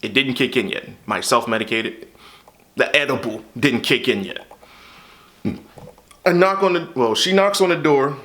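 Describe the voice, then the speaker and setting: A YouTube creator, a young man, speaks to camera in a candid, frustrated monologue about a hard stretch of his life, exasperated and repeatedly saying "what the hell." His medium-pitched voice is fairly bright, with a moderate pace and long pauses.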